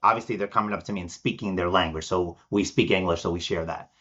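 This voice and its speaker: A man's voice: sits low, quick pace, husky, highs cut off. A man from Argentina, a podcast guest, telling stories with energy and acting out the people he quotes. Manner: animated storyteller, acts out quoted voices. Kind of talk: podcast interview.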